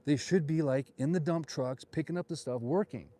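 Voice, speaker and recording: Mellow-voiced man on a walking tour. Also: on the high side, normal speed. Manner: chatty, joking and opinionated. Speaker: realtor. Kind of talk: live walking tour vlog. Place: outdoors on town streets at dusk.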